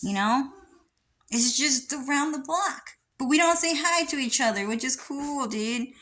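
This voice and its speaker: A woman's voice: high-pitched, unhurried, fairly bright tone. A woman in a casual, rambling monologue, sarcastic and swearing freely.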